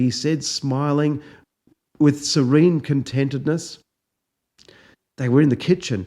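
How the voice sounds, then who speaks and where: A man, a professor, narrating a story in a dry, deadpan, unhurried manner. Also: medium pitch.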